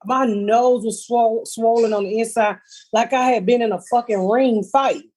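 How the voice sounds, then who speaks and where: A woman's voice: fairly high pitch, steady tone, normal speed, darkish tone, husky. A middle-aged woman hosting a podcast, telling blunt, profane comedic stories in casual chat.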